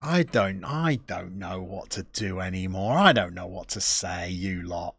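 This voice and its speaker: A man with a gravelly, creaky voice chats his way through a live game stream at an unhurried pace. His pitch swings around a lot as he reads out viewer messages, and he comes across as chatty and self-deprecating. The sound is close and dry. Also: lively intonation, a bit bright, no echo. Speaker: Football Manager streamer.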